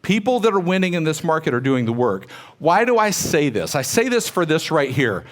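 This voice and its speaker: A man's voice: on the high side, sing-song, brisk. Middle-aged man giving a conversational talk. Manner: conversational, anecdotal, asks the audience questions. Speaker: speaker at a real estate agents' event. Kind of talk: motivational talk with personal stories.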